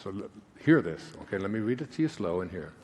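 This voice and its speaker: A man giving a live spiritual talk, who tells a rambling personal story and then reads aloud slowly and with emphasis. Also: low voice, very animated, slight background noise. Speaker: spiritual speaker. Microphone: handheld microphone.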